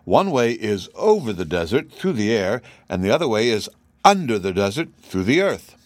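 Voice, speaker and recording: A man voicing a calm, blunt army general who speaks in a steady, dry manner. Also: on the low side, normal speed, no echo.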